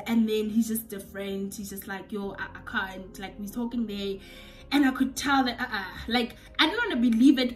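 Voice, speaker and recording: A woman's voice: a little high, recorded from a distance. A young woman from South Africa telling a personal story to her viewers in a casual, confiding vlog. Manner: chatty, confiding, addresses viewers as guys. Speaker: YouTuber.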